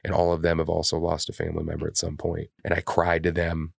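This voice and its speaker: A man with a very deep voice talks on a podcast in a casual, candid way. His speech is blunt and full of swearing, and he is openly emotional. The sound is close and dry. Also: completely flat delivery, fast, gravelly, husky, dry recording. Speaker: podcast co-host.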